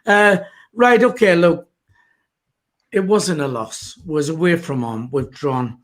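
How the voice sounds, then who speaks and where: An older man hosting a casual live fan chat, talking in a halting way with many fillers. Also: on the high side, a bit bright. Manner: halting, lots of uhs and ums. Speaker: fan show host.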